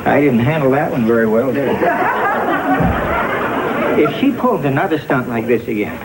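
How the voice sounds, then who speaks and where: Man playing a fed-up TV director, sitcom, lively voice, hissy recording. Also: mid-range voice, moderate pace, a loud crowd, close to an everyday voice. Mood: exasperated. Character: exasperated male TV director, self-mocking. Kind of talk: sitcom acting with laugh track. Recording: hissy TV audio, studio audience laughter.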